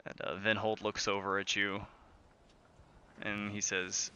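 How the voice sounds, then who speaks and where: A man narrating a tabletop game as game master, relaxed and full of fillers. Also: fairly low pitch, unhurried, clean tone.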